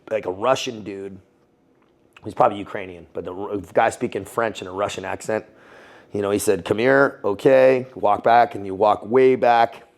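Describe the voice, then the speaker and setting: A man guest in a casual interview, telling a story in slangy, swear-filled talk with frequent laughs. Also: fairly low pitch. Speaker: guest, former Navy SEAL and Foreign Legionnaire.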